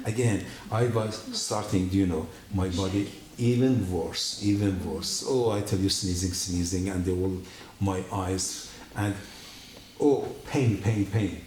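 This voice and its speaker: Guy telling his testimony in a church, voice jumps high when he quotes people, echoey hall, bit of hiss. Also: a little slow. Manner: animated storytelling, acting out quotes with big pitch jumps. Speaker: guest giving a testimony. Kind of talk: personal testimony story.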